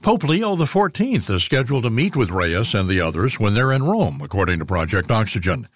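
A man reading a scripted radio news feature as anchor, in a measured newsreader delivery. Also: on the low side, big pitch swings, dry recording, studio quality.

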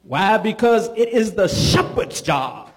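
A man, a bishop, preaching a sermon in church, calling for responses from the congregation and building up to shouts. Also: high voice, lively intonation, takes it slowly, soft background music.

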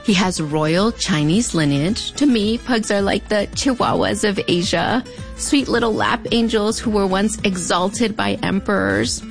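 Over soft background music, a woman with a gravelly mid-range voice speaks a little slowly. She narrates a podcast script in a fronterizo (US-Mexico border) accent, wry and conversational, tossing in sassy, playful asides.

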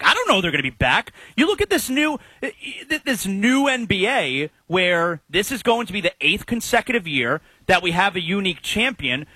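Man, sports talk host, high voice, husky, dry studio sound. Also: normal speed, hardly any pauses, no echo. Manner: animated, opinionated.

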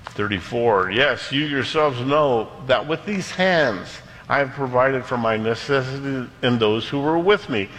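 A male pastor delivering a sermon with a bright, forceful tone. He stresses key phrases by slowing right down, then hurries through quick asides. His voice carries a long reverb from the church hall around him. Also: medium pitch, expressive. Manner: emphatic, dramatic slowdowns, quick asides.

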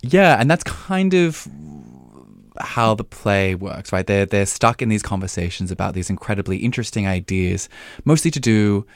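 Male podcast co-host, very low voice, dry close mic, lively critic banter. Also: dry recording. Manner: animated, quick, laughs often, many fillers. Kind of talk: casual review chat.

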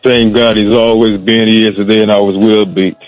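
A man from Georgia calling into a radio show, calm and devout, speaking in a measured way. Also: lowish voice, soft background music, low-quality recording. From Georgia, USA. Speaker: caller. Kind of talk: radio call-in.

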